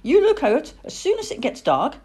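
A woman's voice: sits high, wildly swooping pitch, normal speed, mellow, pitched above the performer's own voice. A woman reading a storybook and voicing an eager, chatty little boy. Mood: excited. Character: excited little human boy.

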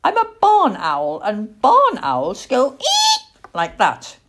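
Woman voicing Plop, a squeaky baby owl boy. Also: huge pitch swings, moderate pace, heavily acted. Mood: indignant. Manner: high, eager and indignant. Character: small, curious, easily cross baby barn owl boy. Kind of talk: storybook reading.

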